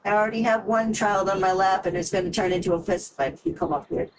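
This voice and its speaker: A woman's voice: medium pitch, fairly even intonation, fast, a little hiss or hum, low-quality recording. A woman livestreaming a game, chatting casually, thinking aloud and laughing easily into a desk microphone. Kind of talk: casual gaming commentary.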